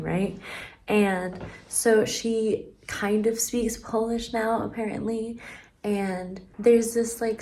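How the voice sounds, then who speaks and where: A woman's voice: mid-range voice, a little mellow, a little hiss or hum. Young woman, book reviewer, casual and rambling, roomy echo. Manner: rambling, lots of filler "like"s, playful. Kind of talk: casual chat.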